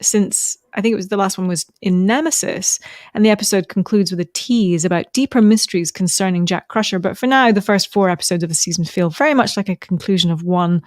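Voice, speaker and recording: A woman's voice: medium pitch, fairly quick, no echo, clean studio sound. A woman co-hosting a podcast, chatting casually and rambling with many ums. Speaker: podcast co-host. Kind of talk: casual recap chat.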